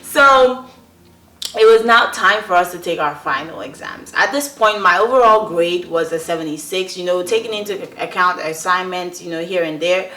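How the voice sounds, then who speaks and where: A woman's voice: on the low side, normal speed, pushed and bright, a little hiss or hum. A young woman from Nigeria, earnestly telling a personal story to her viewers and often checking in with them. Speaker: vlogger. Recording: roomy echo.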